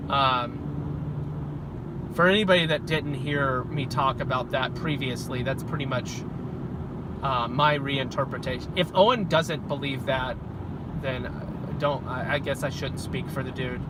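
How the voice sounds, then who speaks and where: With a mid-range voice and a measured pace, a young Christian vlogger thinks out loud while in a vehicle. He rambles casually, breaking off his own thoughts, against loud vehicle and road noise.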